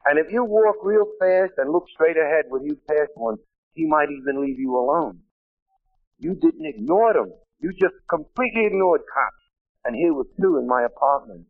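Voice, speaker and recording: A man's voice: a little high, animated, normal speed, no room sound. A man from Brooklyn, telling his story as a speaker at a meeting in a blunt, wisecracking way. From Brooklyn, New York. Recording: tinny lo-fi 1970s tape, dry.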